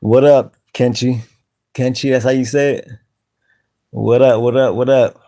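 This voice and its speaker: A man hosting a casual live stream, greeting viewers by name in relaxed slang. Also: mid-range voice, moderate pace. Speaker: channel host.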